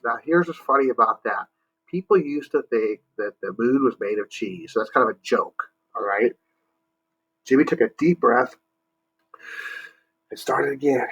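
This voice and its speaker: A male teacher reads a picture book aloud to children. His bright, slightly husky voice moves at a slow, patient pace. He pauses to explain words and invites the kids to join in, on a dull, lo-fi recording. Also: medium pitch.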